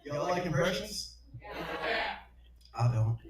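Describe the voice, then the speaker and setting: A man's voice: fairly high pitch, sing-song, takes it slowly. A man doing a crude stand-up set, often laughing at his own jokes. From Detroit, USA. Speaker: stand-up comedian. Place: comedy venue with laughing audience. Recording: echoey room, heard from far off, audience noise.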